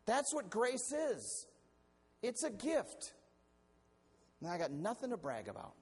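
Animated, lively-pitched male pastor preaching. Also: slow pace, breathy edge. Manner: animated, conversational preaching with frequent restarts. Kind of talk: sermon.

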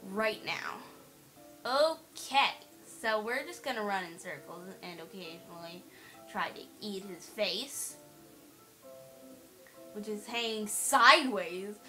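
A woman's voice: mid-range voice, pushed and bright, poor audio. A woman doing let's play commentary on a horror game at her computer, playful, teasing and giggly. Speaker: gamer playing a horror game. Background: faint game music.

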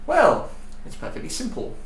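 A man's voice: moderate pace, noisy background, close to an everyday voice. A man playing a dry, sarcastic army captain. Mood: sardonic. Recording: roomy echo.

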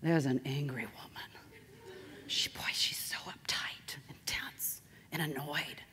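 An irritating man next door with a chirpy, high sing-song voice that swoops far above a normal speaking range. A woman puts him on as part of a talk. He sounds overly cheerful and a little needling. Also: huge pitch swings, slow, sharp tone, slight background noise, heavily acted. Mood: mocking. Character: annoying chirpy male neighbor.

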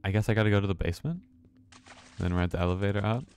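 A man's voice: on the low side, very fast, a little mellow, a little hiss or hum. A man streaming a horror game, talking to himself with nervous laughs and swearing. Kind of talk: casual let's-play commentary.

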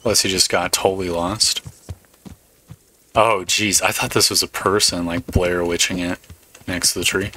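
A man giving relaxed let's play commentary, swearing casually as he plays. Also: low voice, normal speed, pauses often, slight background noise. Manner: laid-back, swears casually. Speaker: gamer.

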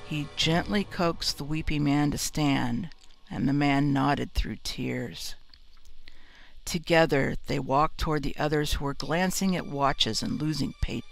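A man narrating a horror story in a slow, measured reading. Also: fairly high pitch, gravelly. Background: faint eerie music.

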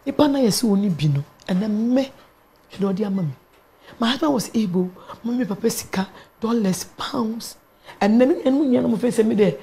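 Animated Ghanaian woman pastor. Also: fairly high pitch, brisk. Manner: switches between English and Twi, animated storyteller. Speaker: pastor and guest. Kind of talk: emotional personal testimony.

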